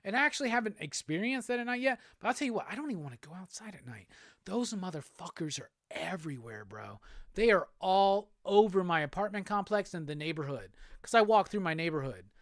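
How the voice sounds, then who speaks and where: A livestream host from the Southern United States chats casually through viewer comments, his high, expressive voice moving fairly quickly with a slightly bright edge. He's laid-back and profane, swearing freely and laughing often. The studio-quality recording has no echo.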